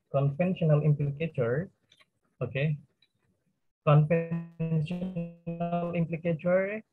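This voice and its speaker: A young man with an Indonesian accent giving a class presentation as a student presenter, speaking haltingly with many fillers and self-corrections. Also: fairly high pitch, slightly rough, no room sound. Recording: tinny phone-like dry recording.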